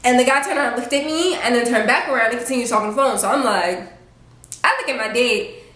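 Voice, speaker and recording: A woman vlogger telling a story in a casual, animated, sassy way. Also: fairly high pitch, fast talker. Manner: animated, sassy storytelling with lively acted quotes. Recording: roomy echo.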